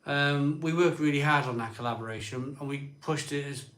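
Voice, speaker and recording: A man's voice: fairly high pitch, a little fast, fairly bright tone, roomy sound. A man hosting a casual live stream, chatting in a rambling way. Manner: chatty, rambling, frustrated sighs. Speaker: live show host.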